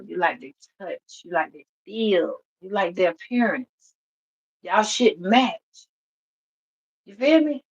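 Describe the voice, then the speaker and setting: A tarot reader gives a casual spiritual reading in a medium-pitched voice with the highs cut off. She's profane, blunt and animated, laughing often throughout her monologue.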